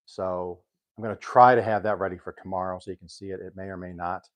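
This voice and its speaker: An older man casually chatting on a cooking live stream, rambling and pausing with ums as he reads aloud. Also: sits low, fairly even intonation. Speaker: home cook hosting a live stream.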